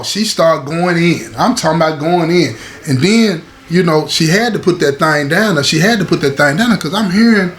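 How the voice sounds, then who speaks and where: Male storyteller, higher voice with wide swings, chatty, keeps checking in with his audience. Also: slight background noise. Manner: animated, addresses the audience with "you feel me" and "y'all". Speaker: storyteller recounting prison life. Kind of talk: casual storytelling to viewers.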